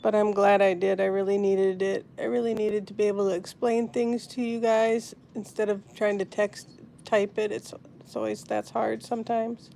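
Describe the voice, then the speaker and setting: A woman hosting a live stream from her phone, talking softly and sadly to viewers in the chat. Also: mid-range voice, level tone, moderate pace, creaky, hardly any pauses, slight background noise. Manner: soft, grieving, answering chat comments. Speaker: pet channel host.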